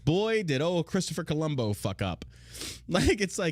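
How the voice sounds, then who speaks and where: A man's voice: fairly high pitch, very animated, normal speed, no room sound, studio quality. A man hosting a podcast, swearing often and mocking as he reads out history and rants. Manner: crude, mocking, swears a lot. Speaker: podcast host. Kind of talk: casual podcast rant, reading aloud.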